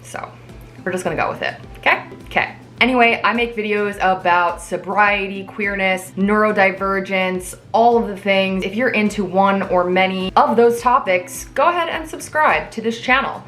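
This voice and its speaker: A woman in her thirties talks to camera for her own channel, mid-pitched and chatty. She slips in sarcastic, self-deprecating jokes. Quiet music plays faintly underneath. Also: moderate pace. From New Jersey. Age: 30s. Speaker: YouTube creator. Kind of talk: casual talking-head vlog.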